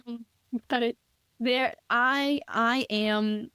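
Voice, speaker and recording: A woman guest chats about her writing in a rambling, eager way, often restarting her sentences. Her voice sits fairly high, smooth and resonant. The sound is close and dry. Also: fairly even intonation, extremely slow, pushed and bright, no room sound. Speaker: author guest. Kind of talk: casual interview chat.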